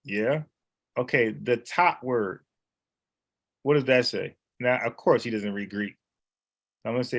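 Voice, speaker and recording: A man's voice: mid-range voice, unhurried, vocal fry, pauses often, a bit bright. Casual guy teaching, walks through letters one by one, repeats words a lot. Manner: conversational, repeats words, explains letters step by step. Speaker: Bible teacher.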